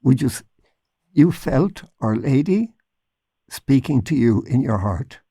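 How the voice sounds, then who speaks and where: Host guy with a gravelly, husky, dark voice, asks soft stumbling questions. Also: mid-range voice, big pitch swings, dry recording. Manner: gentle, halting questions with restarts. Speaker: podcast host. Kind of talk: interviewer asking follow-up questions.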